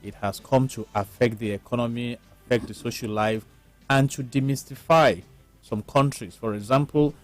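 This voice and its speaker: A man, a lawyer on a panel, explaining his views in a measured, lecturing way. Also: mid-range voice, fairly even intonation, faint music behind. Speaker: lawyer guest. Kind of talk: panel discussion.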